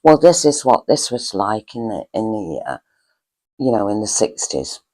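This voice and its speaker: A woman's voice: very deep voice, big pitch swings, moderate pace, warm tone, poor audio. An older woman hosting a cosy storytelling chat, reminiscing fondly in a rambling, hesitant way with lots of fillers. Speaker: storyteller host.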